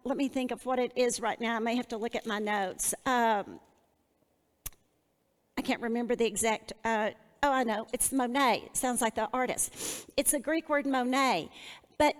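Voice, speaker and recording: Earnest woman Bible teacher, bright high voice, in a reverberant space. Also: normal speed. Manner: earnest, personal, with a shared testimony.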